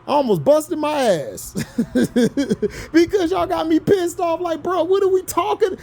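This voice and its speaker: A man's voice: very high-pitched, expressive, unhurried, vocal fry, darkish tone. A man from Florida in the US, ranting heatedly about sports to his viewers, argumentative and scolding. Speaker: vlogger. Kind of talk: sports rant to camera.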